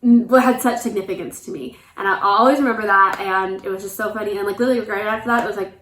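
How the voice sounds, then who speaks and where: A woman's voice: mid-range voice, fairly even intonation, fast, a bit bright, reverberant, slight background noise. A young woman casually telling stories about her wedding day with lots of fillers and asides. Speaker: vlogger recounting wedding day. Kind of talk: casual storytime chat.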